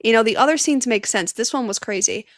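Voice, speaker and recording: A woman hosting a casual live-stream watch party, chatting excitably and laughing often, teary and sniffly. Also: a little high, quick pace, background noise.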